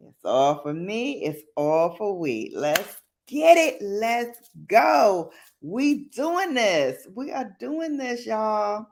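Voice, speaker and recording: A woman hosting a casual late-night livestream, chatting playfully with viewers in a slangy, animated way and acting out quotes. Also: medium pitch. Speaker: livestream host.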